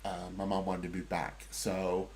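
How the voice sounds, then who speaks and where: A middle-aged man with an American accent, chatting casually as co-host, pausing often with fillers and restarts. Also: low-pitched, completely flat delivery, a little mellow, slight background noise. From United States. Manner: hesitant, many fillers and restarts. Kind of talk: casual chat.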